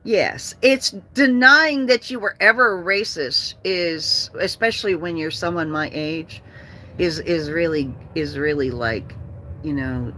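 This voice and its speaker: A woman's voice: sits low, sharp tone. An older woman hosting a casual livestream, ranting bluntly and with swearing while reading out comments from viewers. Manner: blunt, profane, ranting, reads comments aloud. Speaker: livestream host.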